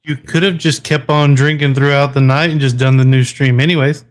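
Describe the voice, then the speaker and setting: A man's voice: medium pitch, fairly even intonation, a little fast, background noise. A man in a casual chat, chatty and joking.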